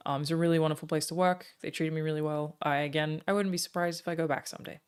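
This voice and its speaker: Chatty woman streamer, low voice. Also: fairly even intonation, clear, resonant tone. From Australia. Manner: chatty, thanking viewers, frequent "um" pauses. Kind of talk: casual chat with viewers.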